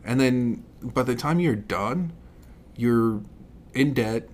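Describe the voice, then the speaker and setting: A man's voice: mid-range voice, slow pace, a little hiss or hum. A young man co-hosting a podcast, giving blunt opinions in casual chat with heavy swearing. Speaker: podcast co-host.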